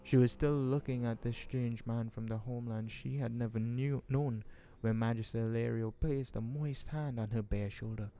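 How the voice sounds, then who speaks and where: A man reading a fantasy novel aloud in a relaxed, casual way, stumbling over words now and then. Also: mid-range voice, normal speed, hardly any pauses. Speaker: audiobook reader. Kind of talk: casual audiobook reading with asides.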